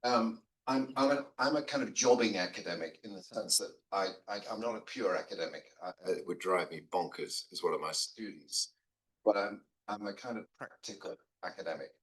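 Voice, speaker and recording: A man's voice: on the low side, brisk, fairly bright tone. Older man telling stories in a roomy room. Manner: rambling, self-deprecating storytelling with frequent restarts. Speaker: guest theologian on a seminary panel. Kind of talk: conversational panel talk. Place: seminary lunch room. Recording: roomy echo.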